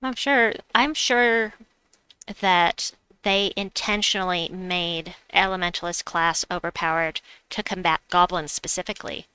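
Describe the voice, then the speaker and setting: A woman's voice: on the low side, steady tone, a little slow, bright, forceful tone, smooth. A middle-aged woman hosting a game live stream, chatting casually, reading chat aloud and laughing at herself. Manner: chatty, giggly, self-mocking. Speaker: livestream gamer host.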